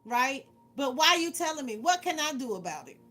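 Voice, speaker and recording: A woman's voice: sits high, sing-song, a little fast, pushed and bright, faint music behind. A woman tarot reader, giving a casual spiritual pep talk. She talks in a preachy way and keeps asking "right?". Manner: preachy, repeats "right?" often.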